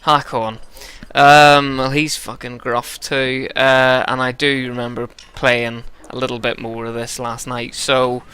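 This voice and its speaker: A man's voice: mid-range voice, flat delivery, unhurried, few pauses, pushed and bright, smooth. A man giving casual, rambling commentary over a story game, tipsy and chatty. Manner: chatty, rambling, laughs between lines. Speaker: gameplay commentator.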